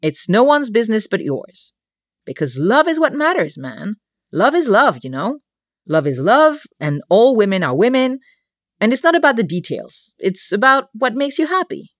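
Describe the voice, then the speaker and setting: A woman's voice: fairly high pitch, sing-song, normal speed, dry recording, pitched above the performer's own voice. A woman voicing an upbeat male hockey player who earnestly reassures his best friend, in a storybook reading with a dry, close sound. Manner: earnest, emphatic, supportive.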